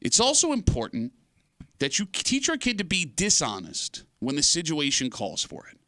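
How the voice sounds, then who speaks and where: A man co-hosting a morning radio show, telling stories and teasing his co-hosts in an animated way. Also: fairly high pitch, normal speed, no room sound, studio quality. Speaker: radio co-host.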